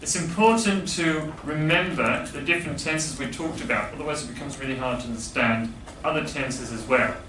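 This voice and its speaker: Patiently explaining English grammar and asking his class questions, this man speaks with a fairly high pitch at normal speed and with few pauses. The echoey classroom recording catches him from a distance, with noise in the background.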